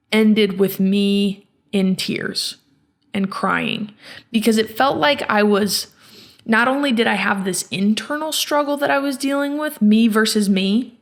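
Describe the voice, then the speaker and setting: Female podcast host, gravelly fry, halting reflective storytelling with frequent restarts. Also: mid-range voice.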